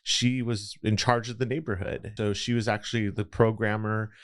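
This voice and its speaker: A man's voice: on the low side, level tone, normal speed, smooth, no room sound, clean studio sound. A man, telling his story as a podcast guest in a reflective, rambling way. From Los Angeles area. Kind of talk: casual interview storytelling.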